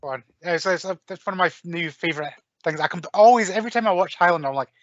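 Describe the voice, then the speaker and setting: A man's voice: high voice, racing, no room sound. A man on a casual film podcast, enthusiastic and swearing freely. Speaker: podcast co-host. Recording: dull lo-fi podcast audio.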